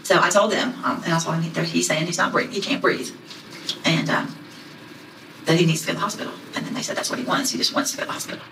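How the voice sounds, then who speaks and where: A woman's voice: sits low, steady tone, quick pace. A woman deputy in a recorded interview, chatty and quoting herself and others. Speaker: sheriff's deputy being interviewed. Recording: echoey room, mic far off, faint noise.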